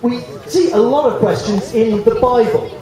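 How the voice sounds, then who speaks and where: A man preaching outdoors to a crowd, animated and joking, acting out voices from the stories he tells. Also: extremely high pitch, normal speed. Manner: animated, jokey, acts out biblical voices. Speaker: street preacher. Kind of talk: outdoor evangelistic talk. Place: outdoors in a public square. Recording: echoey from far off.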